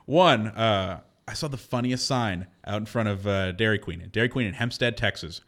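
A man's voice: lowish voice, normal speed, a bit bright. A man hosting a casual radio show, chatty and laughing often as he rambles through a story.

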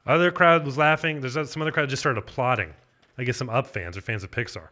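Fast, bright-voiced rambling male storyteller. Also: mid-range voice. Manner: rambling, full of "like", deadpan. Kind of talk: improvised comedic anecdote.

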